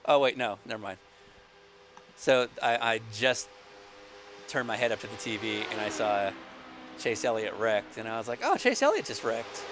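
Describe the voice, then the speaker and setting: A man's voice: lowish voice, level tone, normal speed, long pauses, fairly bright tone, a little hiss or hum. A man co-hosting a casual racing chat over a video call, joking and sarcastic, slipping into mock play-by-play. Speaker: podcast co-host.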